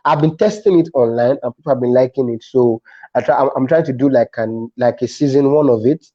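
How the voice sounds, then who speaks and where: A man with a Nigerian accent, a comedian chatting as a guest and telling stories with animated restarts. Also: medium pitch, brisk, highs cut off. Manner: animated storytelling with frequent restarts. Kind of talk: casual interview chat.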